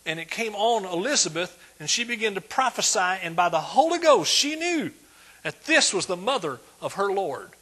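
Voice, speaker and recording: A man preaching a sermon, emphatic, swinging between loud declarations and hushed asides. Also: high-pitched, sing-song, moderate pace, slightly rough.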